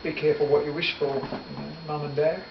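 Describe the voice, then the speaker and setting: Brief: middle-aged muso, raised voice, rambling, far off in an echoey room with heavy noise. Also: male voice, on the high side, little pitch movement, fairly quick, gravelly. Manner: rambling, self-correcting, laughs easily. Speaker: musician and interview guest. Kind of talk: casual reminiscing interview. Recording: echoey, distant, dull, loud noise.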